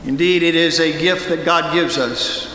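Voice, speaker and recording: A man preaching a sermon as a guest pastor, storytelling with pointed pauses, heard in a large church sanctuary over a pulpit mic. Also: a little high, fairly even intonation, sharp tone, a little hiss or hum. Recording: echoey hall with long reverb.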